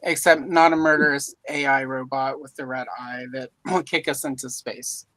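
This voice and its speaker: A woman's voice: a bass voice, fairly even intonation, normal speed, fairly bright tone, no echo, poor audio. A woman from Louisiana hosting a casual live-stream chat, joking and rambling with self-deprecating asides. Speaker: host. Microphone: video call mic.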